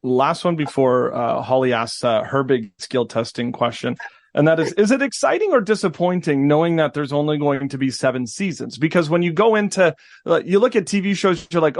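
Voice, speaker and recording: A man's voice: fairly high pitch, expressive, normal speed, no echo, studio quality. A man co-hosting a podcast, asking a playful, rambling question. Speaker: podcast co-host. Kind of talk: casual interview chat.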